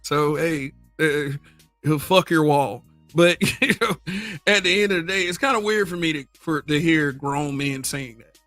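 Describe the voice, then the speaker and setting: A man's voice: on the high side, a little slow, a bit bright, no room sound, faint music behind. A middle-aged man from the American South with a Southern accent, hosting a livestream and talking bluntly and profanely in casual commentary, laughing often and answering his chat. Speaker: livestream host.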